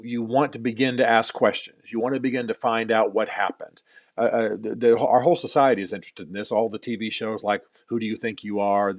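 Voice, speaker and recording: Speaking at a medium pitch in a dry recording, a middle-aged man being interviewed as an author on a podcast shares stories with earnest sincerity. Repetition helps him build his points, and he adds dry jokes about himself.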